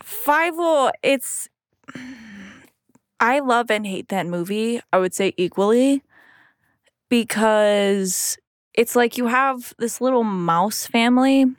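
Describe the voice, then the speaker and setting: A woman's voice: fairly high pitch, expressive, slow pace, long pauses, clear, resonant tone, dry recording. Young woman, podcast co-host, casual chat, chatty and emotional, dry sound. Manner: chatty, full of fillers, gets emotional.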